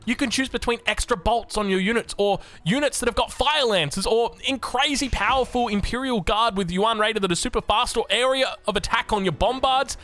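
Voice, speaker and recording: An excitable Australian man commentating a strategy game, chatty and jokey, sometimes breaking into shouts. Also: very high-pitched. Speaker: game caster.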